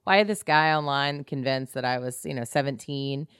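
A woman's voice: extremely low pitch, a little fast, smooth, no echo, clean studio sound. A woman co-hosting a podcast, telling long rambling stories in a casual chat. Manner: chatty, rambling storyteller. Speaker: podcast co-host.

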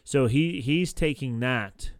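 A man's voice: medium pitch, slow, clean tone, no room sound. A man casually recapping a TV episode on a podcast, rambling with lots of fillers and restarts. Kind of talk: casual chat.

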